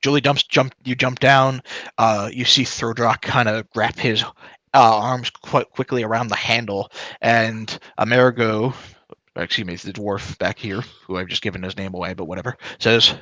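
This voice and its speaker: A man's voice: on the low side, fairly even intonation, moderate pace, bright, forceful tone, no echo. A man running a tabletop game as dungeon master, narrating casually with fillers.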